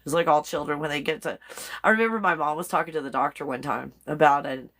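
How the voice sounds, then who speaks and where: A woman's voice: sits low, quick pace, fairly bright tone. A woman hosting a casual live stream, chatting with viewers, reading their comments aloud, laughing often and spelling out some words letter by letter.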